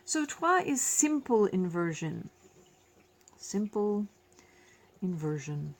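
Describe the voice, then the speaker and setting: A woman teaching a French lesson, explaining slowly and repeating each phrase in both languages, with self-deprecating asides. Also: medium pitch, sing-song. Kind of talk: classroom lesson.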